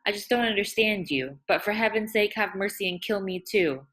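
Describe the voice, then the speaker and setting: A woman's voice: moderate pace, fairly bright tone, natural voice. A woman reading aloud and voicing a distraught young woman who pleads and reproaches in a raised, emotional voice. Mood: pleading, distraught. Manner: high, pleading, emotional delivery.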